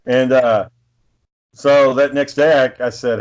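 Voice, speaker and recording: A man of middle pitch spins a loose, swearing story in an easygoing chat. The sound is a bit dull and lo-fi. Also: fairly even intonation, slow. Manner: profane, rambling, laid-back. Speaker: podcast co-host.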